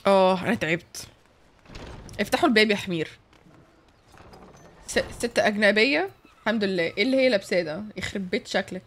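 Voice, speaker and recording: A woman streaming a game, chatting casually and profanely with her viewers and reacting quickly to chat. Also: medium pitch, a bit bright. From Canada. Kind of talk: casual live-stream chat while gaming.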